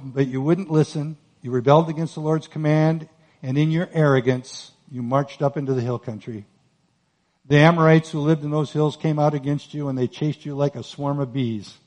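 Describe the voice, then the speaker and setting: A man preaching a sermon on Scripture, earnest and emphatic, rising to forceful peaks. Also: mid-range voice. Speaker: pastor.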